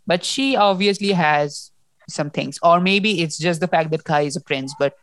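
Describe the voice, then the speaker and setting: A woman's voice: lowish voice, normal speed, no echo. A woman co-hosting a casual book discussion, talking emotionally and often restarting as she reacts to the story. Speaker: podcast co-host.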